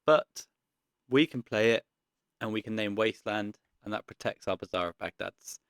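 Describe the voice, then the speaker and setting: Low gravelly man talking through a game. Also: normal speed, no echo, clean studio sound. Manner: thinks aloud, relaxed, frequent ums. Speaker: card game content creator. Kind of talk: casual gameplay commentary.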